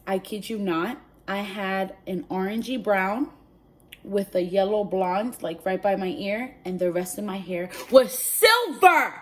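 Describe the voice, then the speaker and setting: A pregnant woman vlogging, telling a story to camera in an animated, chatty way, often saying "like" and "literally.". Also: medium pitch, slow pace.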